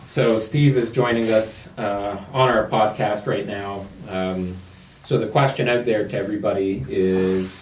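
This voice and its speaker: A man hosting a casual real estate podcast, talking in a relaxed, halting way. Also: fairly low pitch. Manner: relaxed, hesitant, repeats words. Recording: echoey room, mic far off, faint noise.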